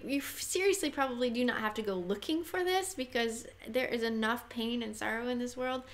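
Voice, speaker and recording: A woman's voice: mid-range voice, creaky, a bit bright. A woman giving casual, earnest Bible commentary to camera, chatty and exhorting, often laughing. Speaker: Bible teacher.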